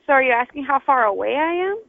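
A woman's voice: high voice, lively intonation, quick pace, vocal fry. Patient woman clerk on a phone line. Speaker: gas station clerk. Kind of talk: answering a phone call.

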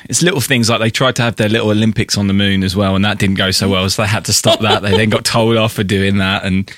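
A man's voice: on the low side, steady tone, quick pace, fairly bright tone, no room sound, studio quality. A man co-hosting a podcast, explaining things in an enthusiastic, casual way with frequent restarts. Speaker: podcast co-host. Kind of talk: casual conversational podcast chat.

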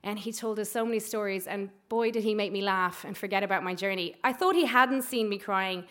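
A woman's voice: medium pitch, fairly quick, fairly bright tone. A young Irish woman tells a true story from her own life at an open mic night. She talks in a loose, chatty way, leaning on "like" and "you know". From Ireland. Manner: conversational, lots of "like" and "you know". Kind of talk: live personal storytelling.

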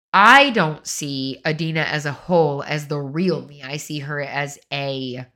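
A woman co-hosting a podcast, talking in a frank, profane, casual way and acting out how she would reply to people. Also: sits low. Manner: blunt, profane, animated, acts out quoted voices. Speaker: podcast co-host.

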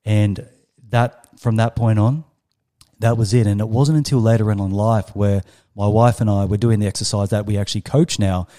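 Australian man in his 30s, guest storyteller; low, mellow voice, emphatic delivery. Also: steady tone, normal speed. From Western Australia. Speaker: guest, startup coach. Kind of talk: storytelling in a podcast interview.

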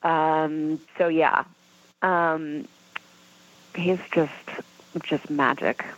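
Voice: medium pitch, steady tone, extremely slow. A political guest answering interview questions in an earnest, hesitant way, often restarting sentences. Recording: dull lo-fi sound.

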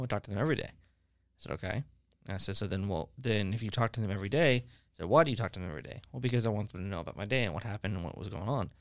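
A man's voice: lowish voice, no echo, studio quality. A man hosting a podcast, chatting casually about faith with guests and telling long stories full of fillers and restarts. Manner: rambling storyteller, many fillers and restarts. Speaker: podcast host.

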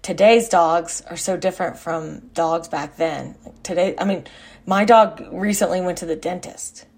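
A woman in her forties with a somewhat low voice tells a story from her childhood. She rambles and backtracks, correcting herself and filling pauses. She hosts her own podcast and speaks as casual storytelling. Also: darkish tone, breathy edge. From Texas. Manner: rambling, self-correcting, with many fillers. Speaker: podcast host.

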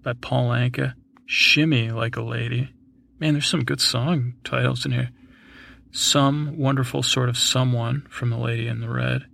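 A man's voice: mid-range voice, fairly even intonation, a little slow, creaky, a bit bright, a little hiss or hum. A man hosting a sleep podcast, reading through a long list in a drowsy way, with chuckles, asides and bits of song. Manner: breaks into snatches of song. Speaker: podcast host.

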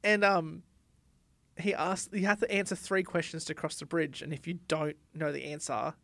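A woman's voice: sits low, steady tone, moderate pace, gravelly, a bit bright, no room sound. A woman chatting casually, retelling a film scene by scene and laughing often as she acts out quotes.

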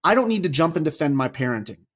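Husky animated man telling stories. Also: on the high side, quick pace. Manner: animated storyteller, restarts often. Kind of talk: casual faith podcast chat.

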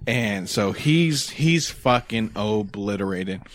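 A man's voice: lowish voice, expressive, slow. A young man hosting a podcast, telling a crude college story in casual chat. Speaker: podcast host.

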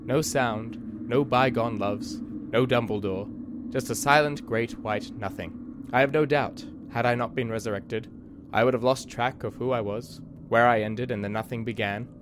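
A man's voice: medium pitch, noisy background. A man hosting a show and narrating his own comic adventure in mock-archaic, theatrical turns with dry asides. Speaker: podcast host and storyteller.

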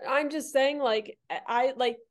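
Young woman, a bit high, hesitant chat. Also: fairly even intonation, measured pace. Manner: hesitant, full of "like" and restarts. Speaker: podcast guest. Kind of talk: casual podcast chat.

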